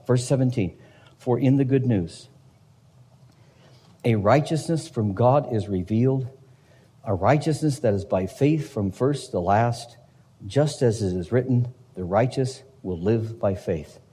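A man's voice: mid-range voice, mellow, husky, in a large hall. A man preaching a sermon as pastor, emphatic, with rhetorical questions to the congregation.

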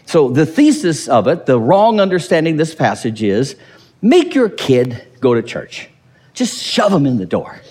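A man preaching a sermon, animated and sarcastic, quoting and mocking ideas he disagrees with. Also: a little high, normal speed, breathy edge. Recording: long reverb of a hall.

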